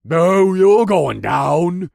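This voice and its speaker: A man voicing a clumsy, hot-headed male swordsman who shouts and blusters. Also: sits high, big pitch swings, extremely slow, gravelly, no room sound, clean studio sound, pitched above the performer's own voice, exaggerated voice. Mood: angry. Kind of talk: audiobook character voice.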